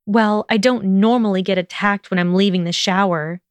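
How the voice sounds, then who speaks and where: A woman voicing a quick-tempered young female witch, speaking higher and slower in an indignant way. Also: animated, no echo. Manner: huffy, indignant delivery.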